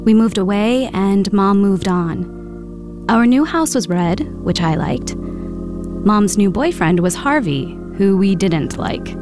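A woman's voice: mid-range voice, lively intonation, slow. A woman narrating her own hard childhood in first person for a radio drama, in a reflective, earnest voice. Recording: narration over background music.

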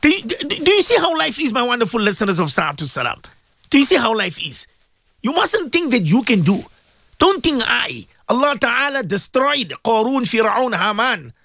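A man preaching on the radio in a high, swooping voice, heated and insistent. He keeps firing off rhetorical questions and repeating himself for emphasis, close to a dry studio mic. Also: sing-song, normal speed, creaky, sharp tone, no room sound. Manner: fervent, repetitive, rhetorical questions. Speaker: radio presenter giving religious advice. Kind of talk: impassioned radio sermon.

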